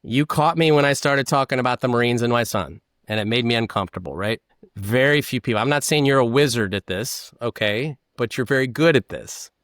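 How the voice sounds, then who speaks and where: A man's voice: medium pitch, brisk, no room sound, studio quality. A man, a former polygraph examiner, explaining as an interview guest and acting out questions and answers. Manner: animated, acts out questions and answers.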